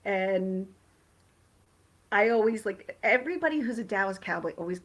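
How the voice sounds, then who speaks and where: A woman hosting a casual livestream, chatting excitably and rambling with frequent restarts. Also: mid-range voice, normal speed, dull audio. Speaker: livestream host.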